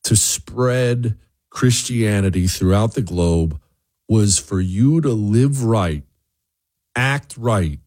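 Lively, preachy male commentator. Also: on the low side, takes it slowly. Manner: preachy, animated, repeats words in restarts. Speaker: commentary host. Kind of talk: opinion monologue.

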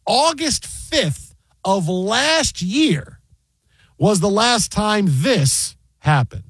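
High-voiced, rambling man talking sports. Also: breathy edge, no room sound. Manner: rambling, animated storyteller with quick asides. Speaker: sports talk show host. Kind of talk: casual sports banter.

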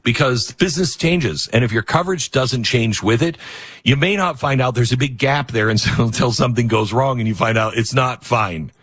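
A middle-aged man hosting a talk radio show, rambling and self-mocking, with sudden shouted outbursts. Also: mid-range voice, animated, moderate pace, slightly rough, no echo. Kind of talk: talk radio monologue and host-read ads.

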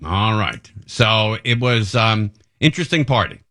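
A man's voice: lowish voice, measured pace. A man hosting a station show, chatting casually and telling rambling stories. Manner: relaxed rambling storyteller with restarts. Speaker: radio host. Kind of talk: casual chat.

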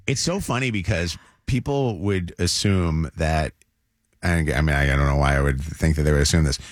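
A man's voice: a bass voice, moderate pace, no room sound, studio quality. A man hosting a morning radio show, teasing upcoming segments in casual chat. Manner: promo-style teasers, laughs often.

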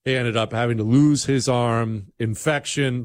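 A man's voice: medium pitch, normal speed, no room sound. A man hosting a talk radio show, speaking bluntly and emphatically in a conversational way.

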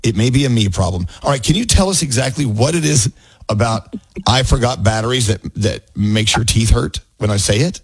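Animated man hosting radio banter. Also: medium pitch, brisk, husky, no echo. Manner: animated, laughing often. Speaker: radio show host. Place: radio studio.

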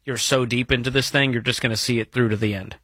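Guy cohost on a money call-in show, bright punchy voice, blunt with dry jokes, dead dry mic. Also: medium pitch, fairly even intonation, quick pace, breathy edge, no echo. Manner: direct, blunt, dry humor. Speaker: radio call-in show co-host. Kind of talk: casual advice chat.

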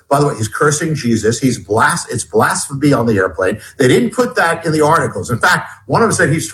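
A middle-aged man with a fairly high voice tells his story in an animated, halting way. He breaks off and restarts his sentences as he goes. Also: low-quality recording. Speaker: guest author. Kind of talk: storytelling in an interview.

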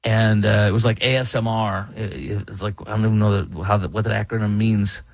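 Middle-aged man, slightly husky, dry close-mic sound, indignant monologue commentator who mocks every quote he reads. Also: on the low side, fairly even intonation, fairly quick, no room sound, rough recording. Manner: indignant, mocking, reads quotes aloud then rebuts them. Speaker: political commentator.

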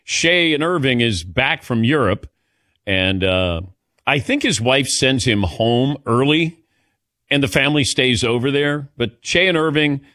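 A man's voice: mid-range voice, measured pace, no room sound. A man hosts a radio talk show from a studio and jokes around with his crew. His voice swings up and down a lot as he talks. The sound is dry and close to the mic. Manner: lively, laughs often, reads ad copy. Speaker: radio sports talk host. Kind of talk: casual studio banter.

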